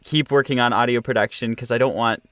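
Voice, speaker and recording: A man's voice: medium pitch, fairly even intonation, a bit bright, no room sound. A young man, an audio producer and director, talking in a casual interview with many fillers and restarts. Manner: halting, many fillers and restarts, laughs often.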